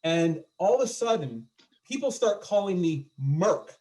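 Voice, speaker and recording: Chatty comedian riffing on a video call. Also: male voice, high-pitched, sing-song, normal speed, dark tone. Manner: chatty, self-deprecating, riffs with the audience. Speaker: stand-up comedian.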